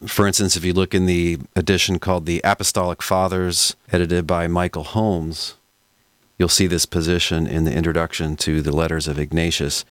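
A man hosting a podcast, explaining history in a measured, scholarly, conversational way. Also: sits low, little pitch movement, no echo, studio quality. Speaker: podcast host. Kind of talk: explanatory lecture-style podcast talk.

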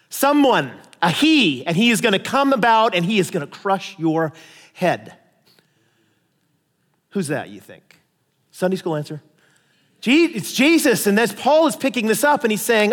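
A male pastor preaching a lively, conversational sermon with casual asides. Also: high voice, big-room sound. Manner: animated, conversational preaching with asides and paraphrased voices.

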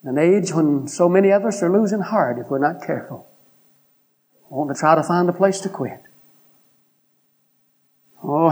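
A man, preaching a sermon with an earnest, pleading delivery and a hoarse throat. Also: a little high, mellow. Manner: earnest, pleading, drawn-out pauses.

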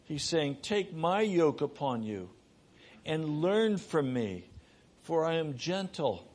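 A middle-aged man preaching a sermon, moving between raised, urgent delivery and hushed, soft passages. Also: on the high side, sing-song, takes it slowly.

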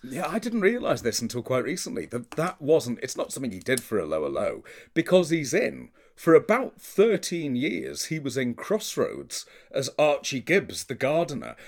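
A man chatting as a co-host, his pitch rising and falling a lot as he tells stories. He sounds enthusiastic, then drifts into a wistful tone. He speaks at his own natural pitch. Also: sing-song, moderate pace, creaky, few pauses. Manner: enthusiastic, storytelling, trails off wistfully. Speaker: podcast co-host. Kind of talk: casual chat about old British television.

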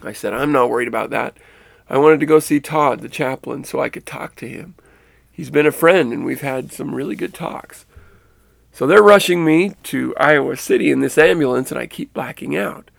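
A man earnestly recounting a personal experience, halting now and then and restarting phrases. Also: medium pitch, no room sound. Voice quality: gravelly. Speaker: storyteller recounting a near-death experience. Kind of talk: personal storytelling.

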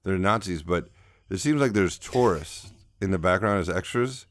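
Deep guy on a video call, teasing and rambling through a casual podcast chat. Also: expressive, moderate pace. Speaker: podcast co-host.

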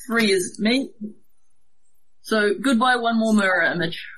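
A woman playing a tabletop game, chatting quickly and casually. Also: fairly high pitch, a bit bright, poor audio. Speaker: player.

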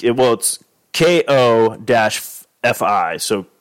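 A man's voice: mid-range voice, expressive, slow. A man co-hosting a podcast in casual comedic chat, riffing, swearing and laughing often. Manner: jokey, riffing, slips into mock voices. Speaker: podcast co-host.

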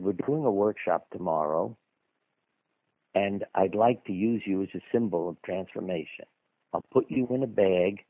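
This low-voiced man, heard with no echo, is a guest author being interviewed on the radio. He shares rambling, conversational anecdotes full of asides, and the audio is dry and phone-line quality.

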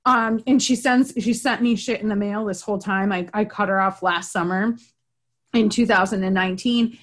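A woman's voice: mid-range voice, steady tone, moderate pace. A woman hosting a podcast interview, talking candidly about her own life and laughing often. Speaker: podcast host. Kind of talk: casual interview chat.

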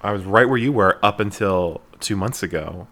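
A man's voice: lowish voice, moderate pace, a bit bright. An American man co-hosting a casual podcast, wry and opinionated, swearing now and then. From United States. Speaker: podcast co-host. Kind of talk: casual chat.

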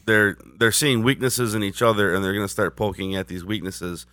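A man co-hosting a podcast, chatting and speculating about a TV episode in a relaxed way. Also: on the low side, fairly quick, dry recording, clean studio sound. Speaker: podcast co-host. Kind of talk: casual episode discussion.

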